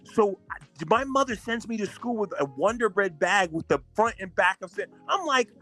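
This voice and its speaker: A male podcast host telling animated, profane stories with a lot of laughter, with faint music behind. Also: sits high, normal speed. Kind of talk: casual storytelling chat.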